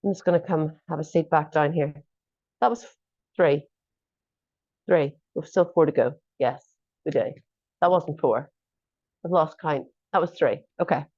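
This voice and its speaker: A woman's voice: deep voice, unhurried, pauses often, a little mellow. A woman fitness instructor coaching a workout class, giving encouraging cues and joking asides. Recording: dull lo-fi audio.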